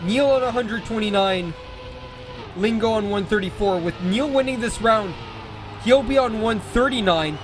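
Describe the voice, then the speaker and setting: High-voiced excitable male esports caster. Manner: excitable, jokey, rapid self-corrections. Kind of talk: live play-by-play commentary. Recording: game engine and car noise underneath. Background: racing game sounds.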